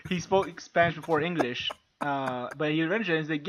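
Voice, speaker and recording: A man's voice: on the high side, moderate pace, fairly bright tone. A man co-hosting a podcast, telling stories in casual chat, swearing freely and laughing as he goes. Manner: profane, laughs through his stories. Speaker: podcast co-host. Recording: dull lo-fi podcast audio.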